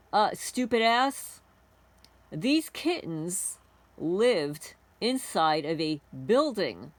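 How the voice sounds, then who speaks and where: Indignant woman ranting with a lively pitch. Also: no echo. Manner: indignant, heated, swears. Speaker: homesteading channel host. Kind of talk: rambling angry monologue to camera.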